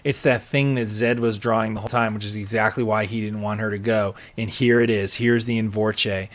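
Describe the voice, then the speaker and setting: A man hosting a podcast, recapping a TV episode in a chatty, excitable way with many fillers. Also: lowish voice, a little fast. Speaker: podcast host.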